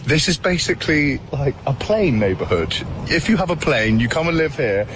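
British male vlogger outdoors, amazed, lively pitch, street noise. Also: normal speed. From United Kingdom. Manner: amazed, exclaiming. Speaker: fitness influencer. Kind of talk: casual travel vlog. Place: outdoors in a neighborhood.

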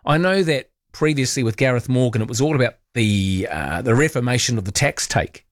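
A man's voice: mid-range voice, expressive, a little fast, no echo, clean studio sound. A man hosting talkback radio, chatty and opinionated, musing aloud with playful asides.

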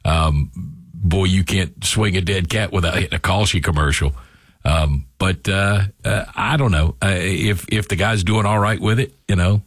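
A man's voice: sits low, normal speed, dry recording, clean studio sound. A man calling in to a radio show, chatting with hesitations, restarts and wry humour. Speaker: caller. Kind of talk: casual phone-in chat.

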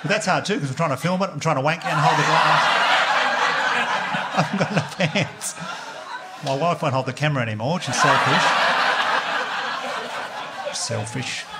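A man with an Australian accent doing a crude stand-up comedy set with deadpan storytelling and crowd work before a live audience. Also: on the high side, moderate pace, pauses often, heavy background noise.

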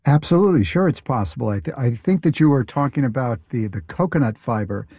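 Dark-voiced man, halting radio chat. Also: medium pitch, lively intonation, slightly rough, no room sound. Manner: enthusiastic, halting with many fillers and restarts. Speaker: radio show guest. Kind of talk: casual radio conversation.

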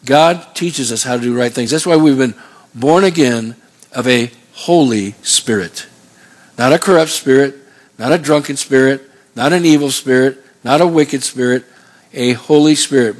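A man's voice: mid-range voice, normal speed. A man preaching a sermon, asking the congregation call-and-response questions as he works through his points. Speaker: pastor.

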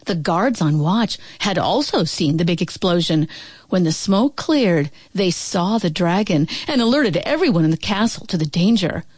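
A woman reading a children's picture book aloud in a slow, expressive, sing-song way. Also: fairly low pitch, husky, no room sound. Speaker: narrator. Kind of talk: children's storybook read-aloud.

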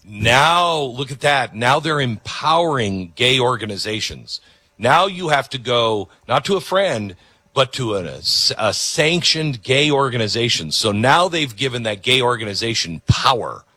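A man's voice: mid-range voice, animated, unhurried, pushed and bright, dry recording. A man hosting a talk radio show, talking in an incredulous, sarcastic way. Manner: incredulous, sarcastic, with mock role-play.

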